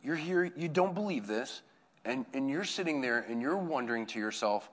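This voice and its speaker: A man, a campus minister preaching a conversational sermon, telling stories that swing from hushed to excited. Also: medium pitch, normal speed.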